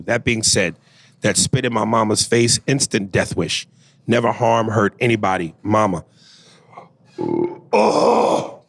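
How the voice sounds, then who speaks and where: A man's voice: on the low side, a bit bright, dry recording. A man co-hosting a podcast, reading listener emails aloud in a casual, profane, joking way. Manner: profane, joking, breaks into laughter. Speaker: podcast co-host.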